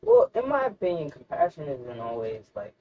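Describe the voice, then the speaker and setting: A man's voice: fairly high pitch, huge pitch swings, normal speed. A man co-hosting a podcast who mostly listens and answers with short, encouraging, often laughing responses. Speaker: podcast co-host. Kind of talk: casual podcast chat. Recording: dull lo-fi podcast recording.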